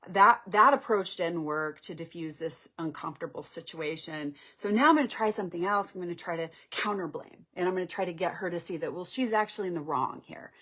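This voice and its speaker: A woman's voice: lowish voice, brisk, few pauses, fairly bright tone. A woman acting out a defensive avoidant boyfriend who rationalizes and brushes his partner off. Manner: rationalizing, dismissive.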